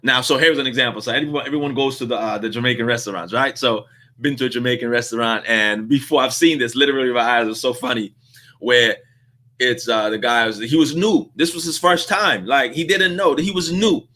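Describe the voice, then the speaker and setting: A man hosting a casual commentary, telling stories in an animated way and laughing often. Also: medium pitch, brisk. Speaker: host.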